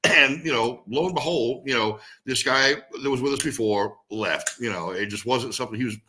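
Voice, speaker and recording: A man in a casual interview, telling stories as a guest musician and singer, animated and swearing freely. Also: medium pitch, normal speed, a little hiss or hum.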